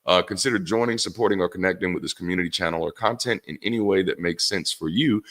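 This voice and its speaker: A middle-aged man hosting a casual livestream, speaking candidly with plenty of swearing and animated rants. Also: deep voice, quick pace. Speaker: host.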